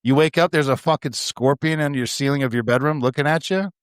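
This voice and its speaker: A man's voice: a little high, quick pace, smooth, no echo, studio quality. A man hosting a podcast in casual, profane, joking banter. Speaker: podcast host. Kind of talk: casual chat. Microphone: remote call.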